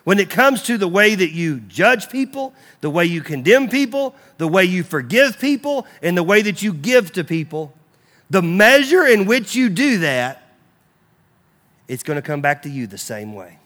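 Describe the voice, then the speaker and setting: Animated high-voiced male preacher. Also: normal speed. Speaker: pastor. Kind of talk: sermon.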